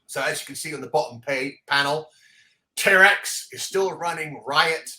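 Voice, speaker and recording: Excitable, laughing man in an echoey room. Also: on the high side, moderate pace. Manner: excitable, laughing often, reads dialogue aloud. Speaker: comic book show host. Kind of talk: casual podcast chat walking through comic pages.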